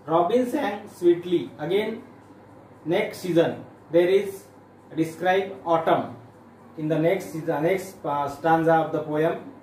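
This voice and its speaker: Man, teacher, from India, slow repetitive explaining, distant echoey recording, faint hiss. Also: fairly high pitch, darkish tone. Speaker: school teacher. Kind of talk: classroom lesson explaining a poem. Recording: echoey room, distant mic, faint noise.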